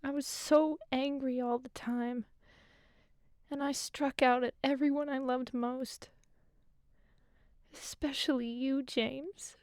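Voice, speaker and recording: A dying wife's soft farewell. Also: female voice, high voice, steady tone, slow, pauses often, clear, resonant tone, no echo, studio quality. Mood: regretful. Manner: soft, intimate, half-whispered. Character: dying wife reading her farewell letter. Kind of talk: voiced game letter reading.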